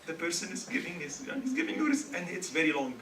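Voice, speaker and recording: This Egyptian speaker at a student religious event gives a lighthearted talk, joking and testing the crowd with questions. His voice sits high with big pitch swings, a little fast and a bit bright, captured by a distant mic in an echoey hall with faint hiss.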